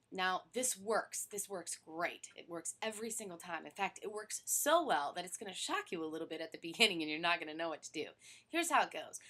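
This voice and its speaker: A woman stress therapist giving advice to camera in an animated way, often dropping to a soft near-whisper to demonstrate. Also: fairly low pitch. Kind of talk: instructional talk to camera.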